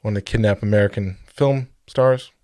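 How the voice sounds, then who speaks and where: A man's voice: lowish voice, normal speed, mellow, dry recording. A man co-hosts a casual podcast, telling stories at a loose, rambling pace. He jokes as he goes and stops to fix his own mistakes. The recording is dry and close. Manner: rambling storyteller, joking, self-correcting. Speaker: podcast co-host.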